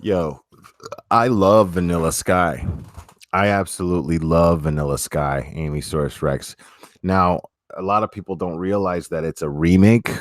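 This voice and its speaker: A man with a very deep voice chats casually with his audience, stumbling through restarts and fillers. He talks bluntly and swears freely. The sound is dry and close, with no room echo. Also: steady tone. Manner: halting, many restarts and fillers. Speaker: streamer reading chat. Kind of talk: casual chat.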